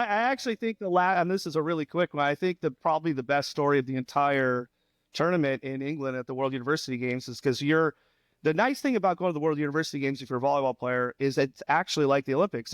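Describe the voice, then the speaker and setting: Middle-aged man telling a lively anecdote. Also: fairly high pitch, no room sound. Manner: animated anecdote teller, laughs at own stories. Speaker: head coach, podcast guest. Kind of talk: casual storytelling.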